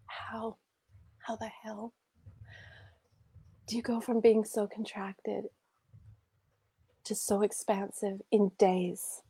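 A middle-aged Australian woman recounts a personal healing story with animated, emotional expression, now and then sinking into a near whisper. Her voice is mellow and soft-toned. The sound is close and dry, with no room around it. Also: mid-range voice, slow, slightly rough, no echo. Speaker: guest sharing a healing story.

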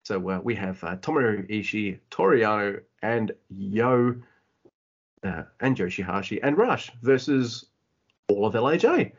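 A man co-hosting a podcast in casual chat, profane and excitable, laughing often, on slightly dull lo-fi audio. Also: on the low side, measured pace, breathy edge. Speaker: podcast co-host.

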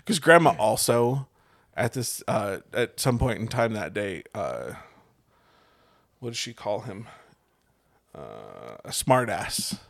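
A man's voice: on the low side, very animated, takes it slowly, creaky, long pauses, dry recording. A man in his thirties, a podcast co-host, chatting casually and swearing freely as he tells stories. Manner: profane, laid-back storytelling. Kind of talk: casual chat.

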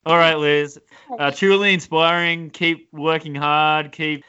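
A woman's voice: low voice, fairly even intonation, a little slow, sharp tone, clean tone. A woman hosting a casual podcast interview, giving short encouraging replies in a playful way. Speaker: podcast host. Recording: dull lo-fi sound.

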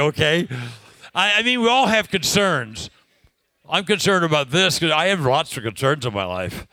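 Bright-voiced man preaching conversationally. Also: a little high, dry recording. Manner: conversational, laughing, questions to the congregation. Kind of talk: sermon with personal story.

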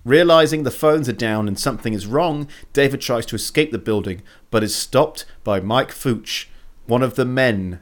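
A man co-hosting a podcast, reading out a plot summary and chatting casually, voice jumping higher when excited. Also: normal speed. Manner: animated, jumps higher when excited or joking. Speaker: podcast co-host.

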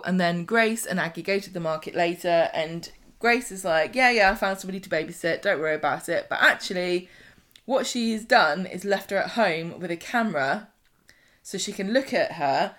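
A woman co-hosting a podcast, recapping soap plots in casual chat and acting out characters' lines. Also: lowish voice. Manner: animated, acts out characters' lines. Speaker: podcast co-host.

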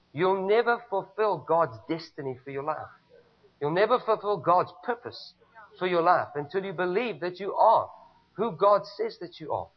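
High-voiced South African preacher. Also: male voice. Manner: emphatic, repetitive preaching with call-and-response. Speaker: pastor. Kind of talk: sermon. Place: church. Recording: dull lo-fi recording.

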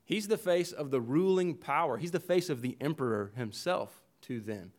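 A man's voice: a little high, expressive, moderate pace. A pastor preaching an earnest expository sermon, building his points through emphatic repetition, with frequent restarts.

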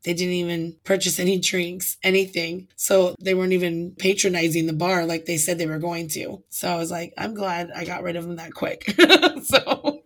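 A woman guest on a podcast, a karaoke host telling a story in a casual, animated way and acting out what people said. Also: lowish voice, moderate pace. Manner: animated storyteller acting out quotes, laughs often.

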